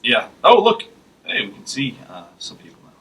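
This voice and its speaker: Bright-voiced man, casual podcast banter. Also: mid-range voice, huge pitch swings, normal speed, far from the mic, poor audio. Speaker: podcast co-host. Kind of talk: casual chat.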